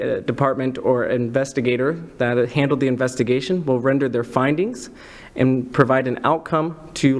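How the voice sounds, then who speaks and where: A man sums up a process for a school board in a steady, procedural reading, with a couple of slips. His voice sits at a middle pitch. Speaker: district staff presenter. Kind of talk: reading a prepared briefing.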